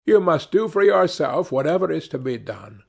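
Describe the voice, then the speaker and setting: A man's voice: a little high, sing-song, normal speed, creaky, a little mellow, slightly rough, voice pushed up, exaggerated voice. A man doing a blunt travelling fiddler.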